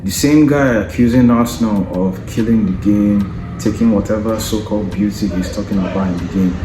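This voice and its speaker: A combative man hosting a football show, mocking rival fans in a fairly low, mellow voice. He keeps jabbing questions at the listener. The room around him is echoey, with a faint hum of ambience behind. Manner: taunting, combative, repeats tag questions like "yeah?" and "you understand?". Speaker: football podcast host. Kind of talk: opinionated football rant.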